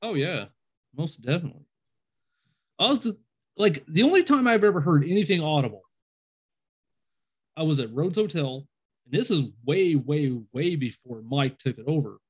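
A man's voice: on the high side, animated, normal speed, long pauses, breathy edge. A man telling ghost stories in casual conversation, rambling and acting out quoted dialogue, calling himself a skeptic and an overthinker. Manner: self-described skeptic and overthinker.

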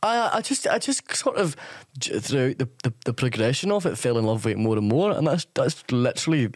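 Relaxed man with a dry, close sound. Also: medium pitch, fairly quick, no echo. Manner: relaxed, agreeable, says "aye" a lot. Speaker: podcast guest, comedian. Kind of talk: casual chat.

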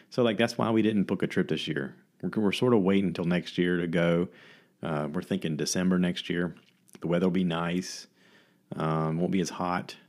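A man's voice: low-pitched, darkish tone. A man hosting a casual solo vlog, reviewing movies in a rambling way full of fillers and restarts. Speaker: vlogger host. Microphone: camera mic.

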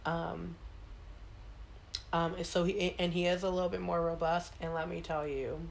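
A woman's voice: on the low side, level tone, measured pace, vocal fry, slight background noise, rough recording. A young American woman co-hosting a podcast, swearing freely and joking crudely between giggles. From United States. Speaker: podcast co-host. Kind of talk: casual crude chat.

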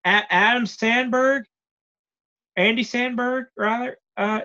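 A man's voice: extremely high pitch, steady tone, slow, pushed and bright, lo-fi sound. A young man co-hosting a casual chat, joking and swearing freely. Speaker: podcast co-host.

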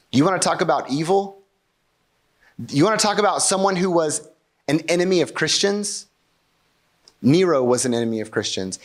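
A pastor preaching a sermon in a conversational way, asking rhetorical questions and often checking in with his congregation. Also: a little high.

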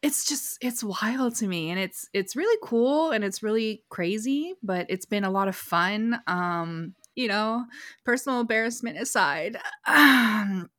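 A woman's voice: medium pitch, animated, a little slow, fairly bright tone, dry recording. Chatty woman podcast co-host, dry sound. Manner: chatty, rambling, laughs easily. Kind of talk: casual chat. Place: at home.

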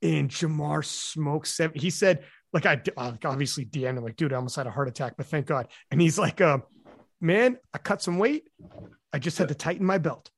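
Podcast host, male, lively storyteller with swinging pitch, a bit high, dry close sound. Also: brisk, vocal fry, no room sound. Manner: animated storytelling, swears freely, acts out quotes. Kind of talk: casual podcast chat.

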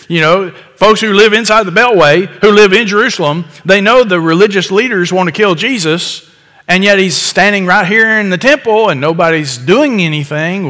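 A man preaching a sermon in a bright, forceful voice, pitched a little high. He talks conversationally, with small chuckles and restarts. The sound carries a long hall reverb, as in a church sanctuary. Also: animated, normal speed. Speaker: pastor. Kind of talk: expository sermon.

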